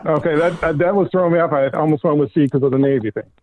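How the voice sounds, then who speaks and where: A man's voice: on the high side, rapid-fire, a little mellow, no echo. A man calling in to a live show, chuckling and unsure as he guesses a quiz answer. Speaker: caller. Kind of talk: casual chat. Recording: tinny dry phone line.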